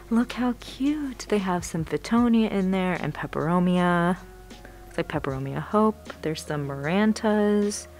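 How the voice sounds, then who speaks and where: A young woman vlogging casually while she shops in a plant nursery, gushing over what she finds. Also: lowish voice. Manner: gushing, excitable, narrating as she browses. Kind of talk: casual shopping vlog narration.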